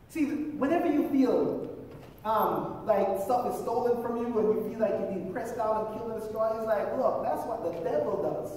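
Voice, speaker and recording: A man preaches in a relaxed, conversational way, slipping into stories and quoted voices. His voice sits high for a man. It rings through a large church hall, picked up from some distance, with a faint hum of room noise behind it. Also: normal speed. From Jamaica. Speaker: pastor. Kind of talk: sermon with personal stories. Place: church auditorium.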